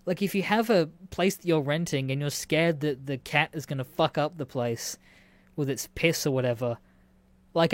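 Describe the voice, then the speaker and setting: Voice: medium pitch, no echo. A speaker reading out odd news stories and reacting with incredulous, laughing, swearing asides. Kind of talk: casual reaction commentary.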